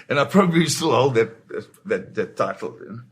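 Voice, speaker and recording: An older man, a war photographer, recounting a dramatic story in an interview with vivid, halting restarts. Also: mid-range voice, very animated, fairly bright tone.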